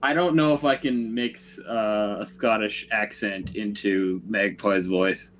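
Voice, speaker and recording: A man's voice: on the low side, fairly even intonation, rough recording. Joking man player on voice chat. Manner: joking, quick banter. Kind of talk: casual tabletop chat. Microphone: voice chat microphone.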